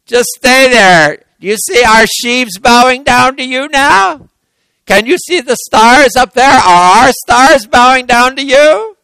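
A man's voice: on the high side, very animated, takes it slowly, pauses often, a bit bright, dry recording, heavily acted, rough recording. Jealous scheming brothers, voiced by a man, taunting and cold. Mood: mocking. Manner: sneering, mocking. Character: resentful scheming older brothers.

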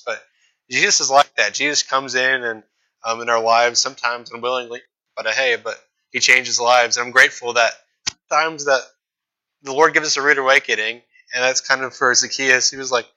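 A young man delivers a sermon in a relaxed, talky way, mixing scripture reading with casual asides. His voice is strikingly bright and forward, with a pitch sitting right in the middle for a man. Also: normal speed, low-quality recording. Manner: casual, conversational preaching with fillers and acted asides. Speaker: preacher.

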